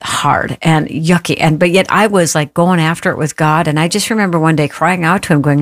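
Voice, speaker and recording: A woman's voice: low-pitched, a little fast, hardly any pauses, no room sound, clean studio sound. A woman hosting a faith talk show, telling a personal story in an earnest, heartfelt way and speaking directly to listeners to encourage them. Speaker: radio show host.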